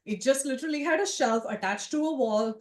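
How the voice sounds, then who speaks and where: Une conteuse d'une quarantaine d'années raconte un souvenir personnel devant un public, sur un ton animé et familier. Sa voix est assez aiguë. La salle renvoie un écho marqué. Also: female voice, high-pitched, fairly quick, reverberant. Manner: conversational, animated, with asides to the audience. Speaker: storyteller. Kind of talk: personal storytelling to a live audience. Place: event room with a live audience.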